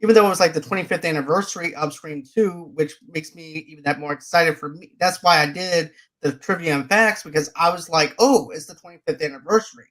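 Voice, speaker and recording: A man with a slightly high voice hosts a casual movie podcast. He talks in an emphatic, conversational way, stretching his points with long asides. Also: brisk, few pauses, a bit bright. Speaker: podcast host.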